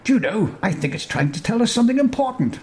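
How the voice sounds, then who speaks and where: A man voicing an elderly bearded male wizard with raised, excitable exclamations in a comic story reading. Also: extremely high pitch, fast, pitched above the performer's own voice, heavily acted. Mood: excited.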